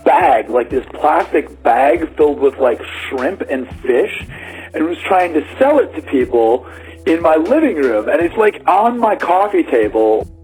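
A man's voice: a little high, very animated, measured pace, a little mellow, husky, soft background music, poor audio. A man telling a personal story in a casual, rambling way, full of fillers and acted-out quotes. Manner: rambling, many "like"s, acts out quotes.

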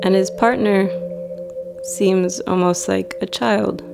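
A woman telling a personal story in a slow, reflective, dreamy way. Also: mid-range voice, steady tone, vocal fry. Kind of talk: personal story told to an audience. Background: loud music.

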